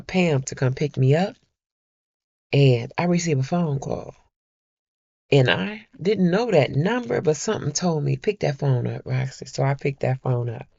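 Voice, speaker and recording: A middle-aged woman vlogger chatting to her viewers, telling a personal story in a slow, heartfelt way and calling them y'all. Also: a bass voice, dark tone, no room sound, lo-fi sound. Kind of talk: casual chat to viewers.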